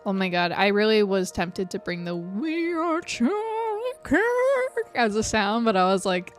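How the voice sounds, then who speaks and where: A young woman streams a game and chats loosely, rambling from one thought to the next. She swears freely, laughs often and speaks at a middling pitch. Soft music plays faintly behind her. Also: fairly even intonation, a little fast. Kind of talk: casual chat while playing a game. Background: faint background music.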